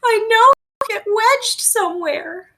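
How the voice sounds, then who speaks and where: A woman reading aloud, voicing an anxious, tearful mother in high, fretful cries. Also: measured pace, pushed and bright, full character voice. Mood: distraught. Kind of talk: storybook read-aloud.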